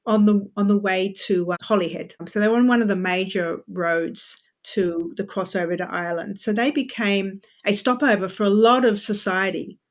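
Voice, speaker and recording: A woman author, a podcast guest, explaining history in a chatty, animated way with frequent asides. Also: mid-range voice, normal speed, few pauses. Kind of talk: podcast interview.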